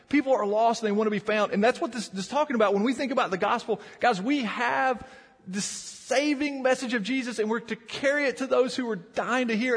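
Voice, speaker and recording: A pastor from the Virginia mountains preaches a sermon in an extremely high, slightly rough voice. He's earnest and often repeats words to build emphasis, and the audio has a big-room sound.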